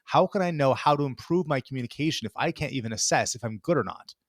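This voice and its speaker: A man's voice: mid-range voice, lively intonation, fast talker, no room sound, studio quality. A man hosting a podcast interview, posing thoughtful follow-up questions to his guest. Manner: thoughtful, asks probing questions. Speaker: podcast host.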